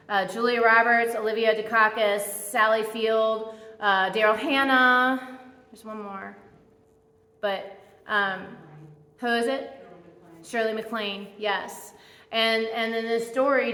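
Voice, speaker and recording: A woman preaches in a church with a high, bright voice, telling personal stories in a chatty, self-mocking way. Her words ring out into a long, echoing hall reverb. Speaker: guest speaker at church. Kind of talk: sermon with personal storytelling. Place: church sanctuary.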